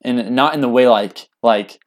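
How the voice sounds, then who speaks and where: A young man telling a personal story in casual speech, earnest and halting, with lots of fillers. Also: mid-range voice. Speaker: guest.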